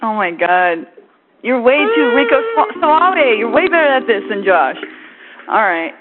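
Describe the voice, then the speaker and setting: A woman at a hotel front desk who takes a phone call and keeps giggling. Her voice is high and bright, carried over a thin line with faint clicks and hiss. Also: sing-song, a little slow. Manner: giggly, easily amused.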